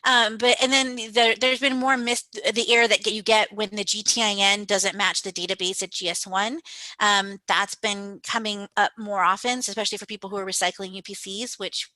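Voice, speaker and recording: A woman's voice: medium pitch, steady tone, normal speed, pushed and bright, no echo, rough recording. A woman guest on a podcast interview, talking in a chatty way with many restarts and fillers. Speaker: podcast guest, agency co-founder.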